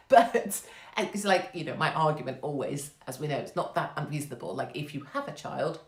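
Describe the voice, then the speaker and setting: A woman's voice: deep voice, sing-song, moderate pace. An English woman hosting her own online show, talking in a casual monologue and keeping up a brash, sarcastic, profane patter, laughing at her own jokes. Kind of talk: casual monologue on a live stream. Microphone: phone microphone. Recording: roomy echo.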